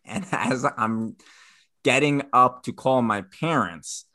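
A man co-hosting a podcast, telling a story in a casual, animated way and acting out the people in it. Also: medium pitch, slow pace. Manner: animated, acts out every voice. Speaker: podcast co-host.

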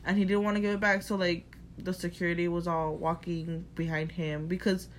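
A young woman with a somewhat low voice tells her own work story in relaxed casual chat, leaning on "like" as she goes. A faint noise hums under her voice. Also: brisk. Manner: relaxed, fills with "like".

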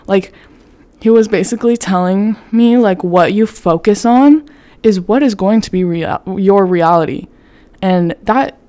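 A woman's voice: mid-range voice, mellow, no echo. A young woman hosting a casual self-help podcast, talking candidly, swearing freely and peppering her speech with "like". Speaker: podcast host.

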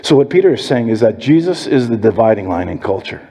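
A man's voice: medium pitch, big pitch swings, fast, warm tone. A man preaching a sermon as pastor, telling stories and acting out quoted voices. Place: church sanctuary. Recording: long hall reverb.

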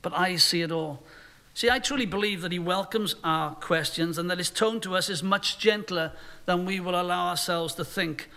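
Male pastor, earnest sermon delivery, high and ringing tone. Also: normal speed, pushed and bright. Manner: earnest, voices imagined speakers in quotes.

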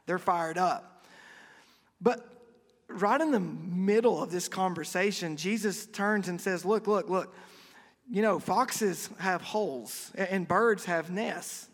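Animated preaching man, high voice, church reverb. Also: moderate pace. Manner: conversational preaching with animated acted quotes. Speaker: pastor. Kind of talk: sermon.

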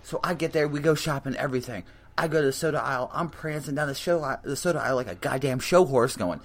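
A young man telling a comedic story in an animated, profane rant, acting out his own lines. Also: on the high side, a little fast. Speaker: storyteller host.

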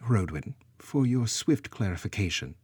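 A man's voice: fairly low pitch, sing-song, moderate pace, darkish tone, husky, no echo. A man voicing a proud, commanding goddess queen who speaks sternly. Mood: regal, stern. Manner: stern, regal.

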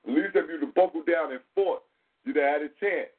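A man's voice: a little high, fairly quick, slightly rough. Man, talk show host, slangy and profane, raised voice, tinny phone sound. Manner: animated, profane street slang. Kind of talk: casual call-in talk show. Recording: tinny phone-line audio.

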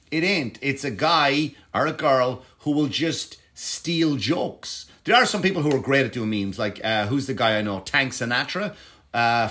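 A man's voice: medium pitch, fairly bright tone. A man who does stand-up comedy, talking casually to camera in a digressive, profane way, with frequent false starts. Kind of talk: casual rambling monologue to camera.

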